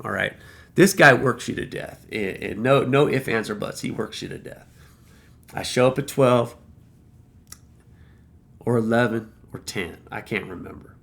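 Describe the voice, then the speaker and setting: Gravelly man ranting through a story. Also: mid-range voice, fairly bright tone. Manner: blunt, profane, repeats phrases for emphasis. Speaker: vlogger telling a work story. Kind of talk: casual storytelling rant.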